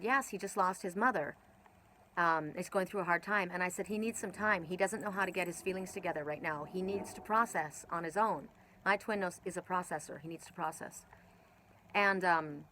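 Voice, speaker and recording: A woman's voice: lowish voice, a bit bright, a little hiss or hum, poor audio. Rambling woman giving a card reading. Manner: rambling, personal storytelling with many fillers. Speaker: oracle card reader. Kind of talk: casual spoken reading. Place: outdoors with birds nearby.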